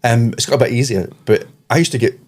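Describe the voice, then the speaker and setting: A middle-aged Scottish man co-hosting a podcast in casual chat, spinning animated, rambling anecdotes. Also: medium pitch, fast talker. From Scotland. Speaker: podcast co-host.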